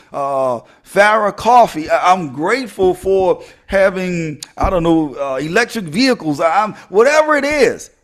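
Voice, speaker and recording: A middle-aged man leads a motivational podcast in a high, lively voice. He preaches, then jokes and calls out straight to his listeners. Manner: animated, preachy, joking with listeners. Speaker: podcast host.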